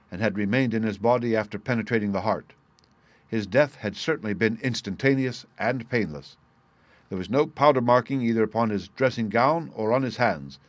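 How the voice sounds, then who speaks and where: A man narrating a classic detective story in a steady, even way. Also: fairly low pitch, no echo. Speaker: audiobook narrator. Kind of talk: scripted narration.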